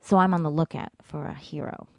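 A woman telling a personal story in vivid, dramatic fashion, dropping to a hush and rising again. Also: low voice, fairly even intonation, fairly quick, gravelly, dull audio, loud music behind the voice. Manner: vivid, dramatic, ranging from hushed to loud.

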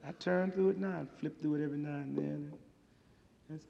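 On an old live recording from a reverberant hall with dull sound, a stand-up comedian runs a streetwise, sardonic routine that swells into emphatic outbursts. His voice is on the high side and mellow, with a steady tone, vocal fry, and a fairly quick pace.

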